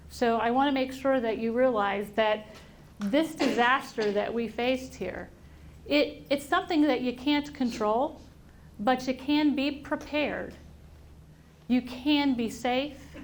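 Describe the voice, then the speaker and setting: A middle-aged woman with a high, bright voice speaks to an audience in a large room, telling a personal story and acting out the voices she quotes. Faint room noise sits under her amplified voice. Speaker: invited speaker. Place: auditorium at a workplace event.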